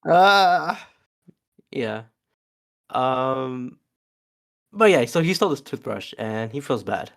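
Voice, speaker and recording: A man's voice: mid-range voice, very animated, vocal fry. Podcast guy recapping a movie, lots of ums and restarts. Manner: halting, many fillers and restarts. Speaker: podcast co-host. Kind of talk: casual chat.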